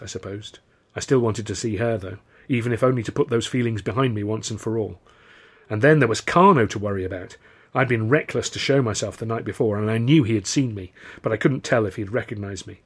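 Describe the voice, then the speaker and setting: Brief: male author-narrator, husky, brisk and wry. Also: on the low side. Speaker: author reading his novel. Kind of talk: scripted narration.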